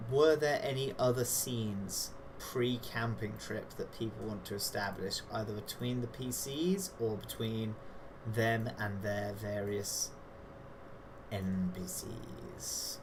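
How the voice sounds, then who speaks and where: A man's voice: lowish voice, takes it slowly. A man running a tabletop game on a livestream, talking in a rambling, chatty way and laughing at his own jokes. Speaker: game master. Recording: noisy background hiss.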